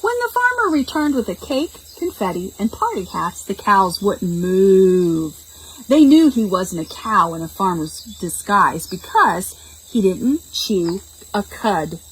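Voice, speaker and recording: Storytime reader: woman, lively and unhurried, faint room hiss. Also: mid-range voice, rough recording. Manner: animated, slow and expressive, explains words to children. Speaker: children's librarian reading a picture book. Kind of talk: storytime read-aloud for preschoolers. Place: public library.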